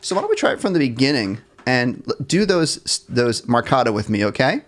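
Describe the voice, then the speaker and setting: A man at an everyday middle pitch teaches a jazz band class live over a computer mic. He counts off bars, sings short scat lines and jokes about his own slips. His tone stays relaxed and encouraging. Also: fairly quick, soft background music. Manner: upbeat and encouraging, counts off and scats melodies; self-deprecating about small mistakes. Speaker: music teacher.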